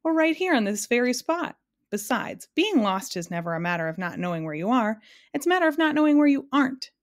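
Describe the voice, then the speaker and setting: A woman's voice: mid-range voice, brisk, lightly acted. A woman reading aloud and voicing a breezy, know-it-all young boy in a storybook. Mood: cocky.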